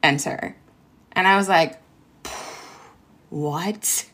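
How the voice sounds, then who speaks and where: Animated woman telling a story. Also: medium pitch, moderate pace. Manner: animated retelling with many fillers and quoted dialogue. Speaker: interview guest, ed tech worker and former teacher. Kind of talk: casual storytelling.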